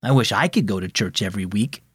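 A man voicing a quiet, thoughtful boy in a children's audio story, speaking in a subdued, earnest way. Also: on the low side, lively intonation, fast, breathy edge, no echo, studio quality, pitched below the performer's own voice, heavily acted. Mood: wistful.

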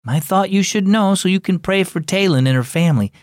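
A man voicing a calm, kind father in a children's devotional story, reassuring. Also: sits high, fairly quick, no echo, studio quality, pitched above the performer's own voice, natural voice.

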